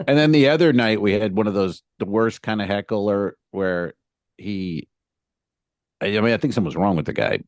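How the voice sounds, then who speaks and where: At a normal speed and with a fairly low pitch, this comic relives run-ins with hecklers during a laid-back podcast conversation. He plays every part, the hecklers and his onstage self, and the audio carries no room sound.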